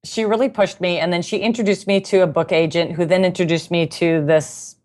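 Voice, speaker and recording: A woman with a fairly low voice tells stories to an interviewer. She talks in a chatty, animated way and laughs often. It sounds like a relaxed, casual conversation. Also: fairly quick. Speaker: guest musician and knitting author.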